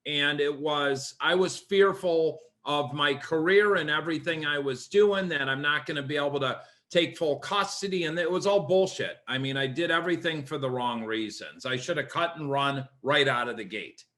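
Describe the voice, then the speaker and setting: Co-host, man, plain-spoken and blunt, bright tone, pitched a bit high. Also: moderate pace, hardly any pauses. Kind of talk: candid talk show chat.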